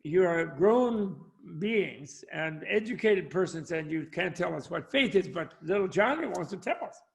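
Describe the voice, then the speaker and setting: A man's voice: sits high, expressive, a little slow, gravelly, heavily acted. A man putting on an American Southern accent to voice a folksy preacher coaxing his congregation, speaking in a drawling, sing-song way. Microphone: video call.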